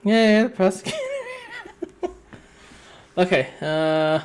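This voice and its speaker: A man's voice: sits high, takes it slowly. A young man casually chatting while streaming a courtroom game, rambling and laughing often.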